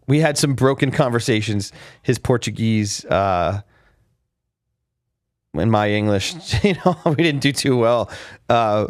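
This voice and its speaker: A man's voice: lowish voice, dry recording, clean studio sound. A man hosting a casual fight recap podcast, telling rambling backstage stories with many restarts and fillers. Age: adult with a father. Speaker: podcast host. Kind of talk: casual chat.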